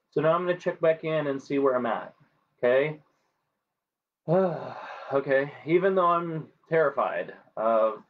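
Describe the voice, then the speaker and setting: A man's voice: medium pitch, gravelly, dull audio. A man who works as a natural health doctor guides viewers through a tapping exercise on a live stream, talking casually and checking in with them often. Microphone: live-stream camera mic.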